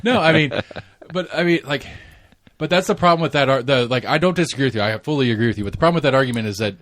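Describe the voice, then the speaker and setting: A man's voice: medium pitch, animated, racing, fairly bright tone, no room sound. Man, Southern US accent, podcast host, rambling, swears, restarts a lot, dry close sound. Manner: rambling, profane, many restarts. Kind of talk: casual conversation.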